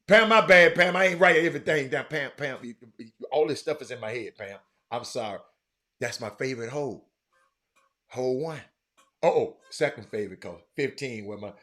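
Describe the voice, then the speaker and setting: A middle-aged man talks casually to his viewers as a host, his voice sitting at an ordinary middle pitch. He rambles, repeats himself and fills the gaps with "uh", then bursts out louder when he gets excited. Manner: animated, repetitive, excitable with many fillers. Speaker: show host.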